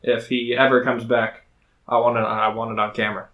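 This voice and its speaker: A man's voice: medium pitch, level tone, a little fast, dull audio. A man co-hosting a podcast in casual chat, rambling with lots of fillers as he tells game stories. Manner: chatty, rambling with many fillers. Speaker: podcast co-host and dungeon master.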